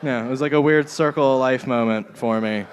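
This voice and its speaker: A man performs stand-up into a handheld mic on a club stage. His delivery is crude and rambling, at a middle pitch, and he keeps laughing at his own jokes as he goes. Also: brisk, a little hiss or hum. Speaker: stand-up comedian. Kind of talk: stand-up comedy set.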